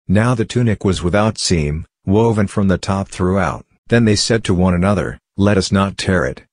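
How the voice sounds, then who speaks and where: A man giving a steady, measured scripted Bible reading. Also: sits low, no room sound. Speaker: scripture reader.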